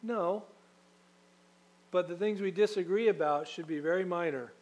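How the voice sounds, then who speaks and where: Earnest preaching man, slightly high voice. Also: moderate pace, darkish tone, muffled recording. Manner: earnest preaching, reads scripture aloud, swells for emphasis. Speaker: pastor. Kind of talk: sermon.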